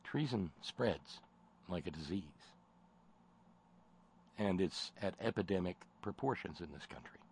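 Gravelly, sardonic male talk host. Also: low-pitched, animated, unhurried, long pauses, darkish tone, slight background noise. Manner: sardonic and rambling. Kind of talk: political commentary talk show.

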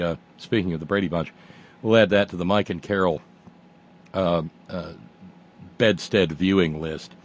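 A man hosting a radio talk show, chatting casually and reading listener emails in a wry, rambling way. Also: low voice.

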